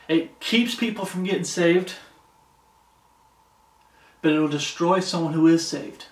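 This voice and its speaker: A male preacher with a fairly high voice gives an informal, earnest sermon, repeating phrases for emphasis and stopping to read scripture. He stands some way from the mic, and the room answers with a noticeable echo. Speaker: pastor. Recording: echoey room, distant mic.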